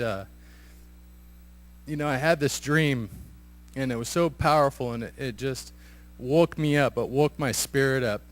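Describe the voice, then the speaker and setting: A middle-aged man stands before a church congregation and tells a personal story. He halts often, restarting sentences and filling pauses. His voice sits at an ordinary pitch for a man. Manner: halting, many fillers and restarts. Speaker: church member sharing a testimony. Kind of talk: hesitant spoken testimony.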